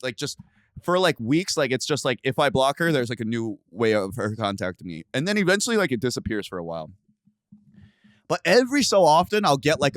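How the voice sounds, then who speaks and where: A young man hosting a podcast, casually telling a story with lots of profanity and sudden loud outbursts. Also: medium pitch, dry recording, clean studio sound. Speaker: podcast host.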